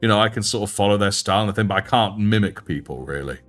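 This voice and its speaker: A deep-voiced young British man chats loosely as a livestream host. His talk is chatty and self-mocking, and his pitch sits on the low side. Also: animated, quick pace, fairly bright tone, soft background music. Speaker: livestream host and miniature painter. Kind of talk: casual livestream chat.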